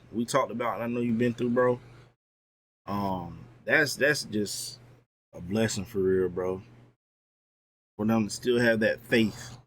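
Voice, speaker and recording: A man's voice: on the low side, a little hiss or hum. A young man streaming, talking earnestly and from the heart in a casual motivational chat, full of "like" and "bro".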